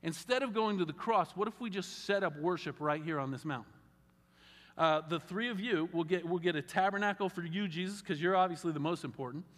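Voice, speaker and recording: A man voicing an impulsive, eager man who is excitedly blurting out plans, in a sermon. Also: high-pitched, brisk. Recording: reverberant hall.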